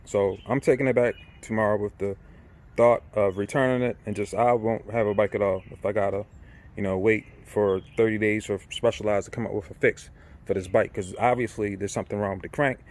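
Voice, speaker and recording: In a brisk, fairly low, somewhat mellow voice with fairly even intonation, a middle-aged man vlogs an irate, casual rant. He repeats himself, swears, and keeps asking "right?".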